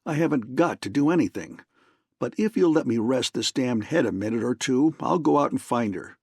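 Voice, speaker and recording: A surly hard-boiled private eye in an audiobook, talking curtly and stubbornly in a gravelly voice, as a male narrator voices him. The sound is close and dry, with no room echo. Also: medium pitch, lively intonation, moderate pace, darkish tone.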